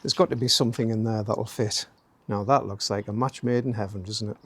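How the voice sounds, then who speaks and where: A middle-aged man with a fairly low, steady voice, a bit bright and slightly rough, briskly narrates a DIY build for his channel. He's working in an outdoor garden workspace in light rain, chatting and joking with tag questions like "eh?" and "don't you?"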